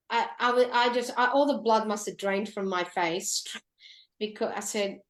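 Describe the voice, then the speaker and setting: A woman guest on a radio talk show telling an emotional personal story, often halting and restarting. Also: medium pitch, reverberant. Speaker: guest, photographer.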